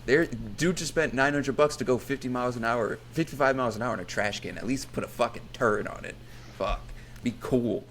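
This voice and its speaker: A man's voice: medium pitch, fairly quick, fairly bright tone, slight background noise. A young man co-hosting a podcast, joking casually and swearing often. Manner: laid-back, profane, laughs a lot. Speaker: podcast co-host. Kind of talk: casual chat.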